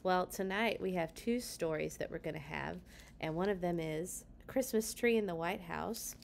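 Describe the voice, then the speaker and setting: A woman hosting a read-aloud storytime, chatting with children between the pages in an animated way. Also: lowish voice, moderate pace, creaky, slight background noise.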